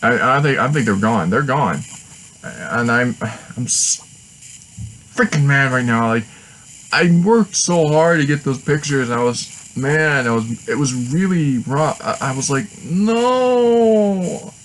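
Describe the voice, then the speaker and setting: A man telling a story in a casual vlog, rambling and excitable, often restarting his sentences. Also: mid-range voice, unhurried, slight background noise, low-quality recording. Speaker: vlogger.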